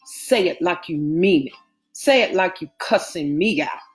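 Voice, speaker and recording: A woman's voice: lowish voice, animated, unhurried, soft background music. A woman reading the part of Malik, a firm, tender adult man who soothes the woman he loves. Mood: soothing.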